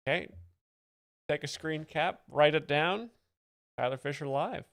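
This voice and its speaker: A man's voice: a little high, measured pace, creaky, over music. A man hosting as a self-serious joke explainer, commenting on comedy clips in a pompous professorial manner. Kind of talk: deadpan mock-expert commentary over clips.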